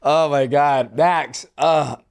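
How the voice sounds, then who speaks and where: A man hosting a casual podcast, laughing easily and swearing in a relaxed way. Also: on the high side, takes it slowly, vocal fry, smooth. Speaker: podcast host.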